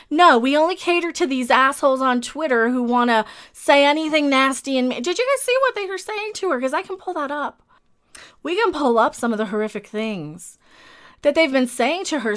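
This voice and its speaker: Heated, bright-voiced woman ranting. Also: sits high. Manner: heated, emphatic, repetitive, swears often. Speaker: commentary channel host. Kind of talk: ranting video commentary.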